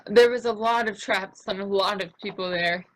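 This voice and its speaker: A woman's voice: mid-range voice, moderate pace, slight background noise, rough recording. A woman speaking as a player in a tabletop game, hesitant and stumbling over her words. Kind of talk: casual tabletop play.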